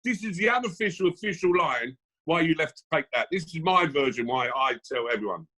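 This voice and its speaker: A man's voice: on the high side, animated, brisk, pushed and bright. A man hosting a casual chat over a video call, joking and teasing his guest. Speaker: host.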